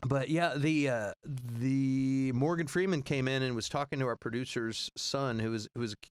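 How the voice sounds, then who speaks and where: A man in his forties telling rambling road stories in casual chat, acting out other people's lines in high voices. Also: moderate pace, clean tone, no echo. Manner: rambling, animated, acts out quoted voices high.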